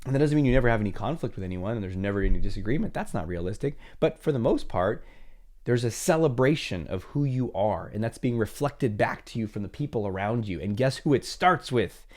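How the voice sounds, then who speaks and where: A middle-aged man hosting a therapy podcast, talking casually and acting out imagined conversations with family. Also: fairly quick. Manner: conversational, acts out imagined dialogues with lively pitch jumps.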